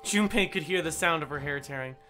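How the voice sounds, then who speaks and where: A woman streamer reading the narration of a visual novel game at a steady, deliberate pace. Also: sits low, soft background music.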